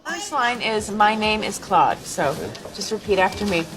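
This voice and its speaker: A woman playing an exasperated French tutor in a comedy skit, loud and emphatic. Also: mid-range voice, expressive, moderate pace, music in the background, rough recording.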